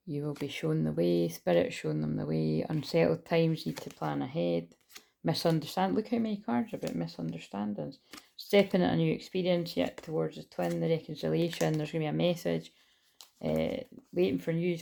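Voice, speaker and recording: A woman's voice: sits low, vocal fry, warm tone, slight background noise. A woman giving a casual, rambling tarot reading, reading card texts aloud and swearing now and then.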